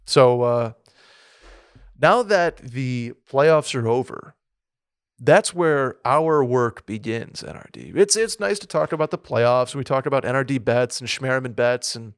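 A man's voice: medium pitch, clear, resonant tone, no room sound, clean studio sound. A man co-hosting a casual sports podcast, rambling with lots of restarts and fillers. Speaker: podcast co-host. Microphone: studio mic with a soundboard.

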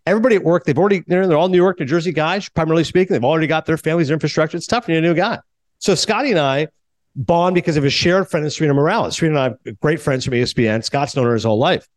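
A man in his forties hosting a podcast, telling stories in a casual chat and acting out what others said. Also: on the high side. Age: 40s. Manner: animated, acts out others' lines in quick storytelling. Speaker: podcast host.

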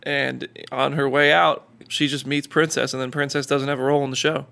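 Gravelly-voiced man telling a story. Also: mid-range voice, a little fast. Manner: animated storyteller, acts out quotes. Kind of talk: casual chat.

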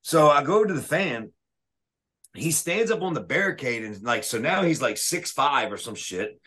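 A man telling wrestling stories in a casual, profane and animated way. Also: medium pitch, moderate pace, slightly rough. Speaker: wrestling referee guest. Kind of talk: casual storytelling.

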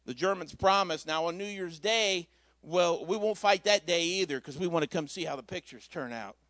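A man's voice: high-pitched, moderate pace, a bit bright, no echo. A man preaching a Christmas Eve sermon in a church, telling a story in a folksy, conversational way with asides. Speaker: pastor.

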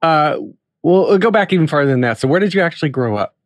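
A man's voice: fairly high pitch, fast talker, no room sound. A man from North Carolina hosting a casual podcast, joking and restarting his sentences. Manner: animated, joking, many restarts. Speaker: host.

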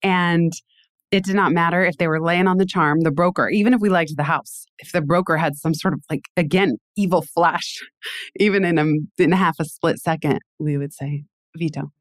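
A woman hosting an interview, telling stories in an animated way with emphatic repeats. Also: lowish voice, normal speed, no room sound, studio quality. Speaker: podcast host. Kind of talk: conversational interview.

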